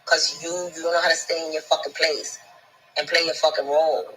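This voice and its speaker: A woman's voice: sits low, little pitch movement, brisk, bright, forceful tone, a little hiss or hum, low-quality recording. A woman, ranting scornfully at someone, swearing constantly and stumbling over repeated words when she gets heated. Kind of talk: profane ranting monologue.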